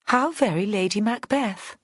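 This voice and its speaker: A woman reading an audiobook, voicing a calm, imperious woman suspect with a posh southern English accent. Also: mid-range voice, unhurried, breathy edge, no room sound, clean studio sound, pitched above the performer's own voice. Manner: haughty and cool. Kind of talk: audiobook character voice.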